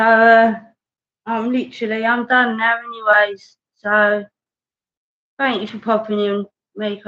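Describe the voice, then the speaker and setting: A woman's voice: medium pitch, a bit bright. Blunt woman ranting on a livestream. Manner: blunt, chatty, drops into mutters. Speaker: livestream host. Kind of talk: ranting live stream. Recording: dull lo-fi sound.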